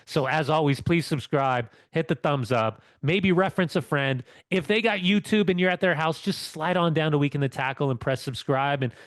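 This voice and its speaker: A man's voice: on the high side, moderate pace, few pauses, no echo, studio quality. A man co-hosting a podcast and chatting casually, telling rambling stories with lots of restarts. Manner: rambling storyteller with many restarts. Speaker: co-host.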